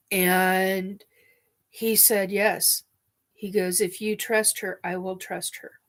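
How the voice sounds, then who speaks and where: A woman speaks slowly to her camera from her living room, telling a deeply personal story. She is crying as she talks, stopping and restarting, sniffing and apologizing between phrases. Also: level tone. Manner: tearful, halting, with restarts and sniffs. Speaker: vlogger.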